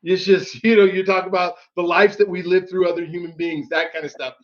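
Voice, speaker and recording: A man hosting an interview, thinking aloud with halting restarts as he forms his questions. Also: high voice, flat delivery, highs cut off. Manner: thoughtful, with halting restarts while forming questions. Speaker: podcast host. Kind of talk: conversational interview.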